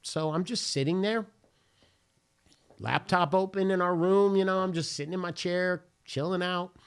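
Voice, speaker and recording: A man's voice: high voice, normal speed, clean tone. Earnest male pastor telling a story. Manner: earnest, vivid retelling with reenacted dialogue. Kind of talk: casual podcast chat, storytelling.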